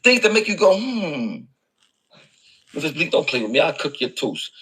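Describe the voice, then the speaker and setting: Raspy, fast man ranting. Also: on the high side, sing-song, a bit bright, rough recording. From Philadelphia. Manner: mocking, repetitive, sarcastic. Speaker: rapper in an online feud. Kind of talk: heated taunting rant.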